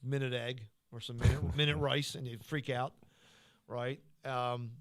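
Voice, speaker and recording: A man's voice: medium pitch, little pitch movement, unhurried. A man who is a comedian, chatting casually on a podcast, rambling through his stories with frequent stammering restarts.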